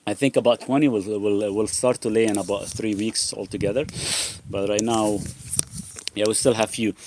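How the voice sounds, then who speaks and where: A man with a somewhat low voice hosts a casual live Q&A from a backyard with chickens. He rambles loosely, often restarts his sentences and keeps saying "actually". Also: steady tone, moderate pace, background noise. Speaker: host.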